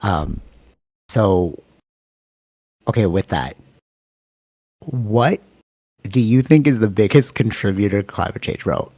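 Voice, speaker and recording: A man co-hosting a podcast in casual chat, talking quickly and animatedly, rambling from thought to thought over a video call. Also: fairly low pitch, expressive, mellow, no room sound. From Canada. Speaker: podcast co-host.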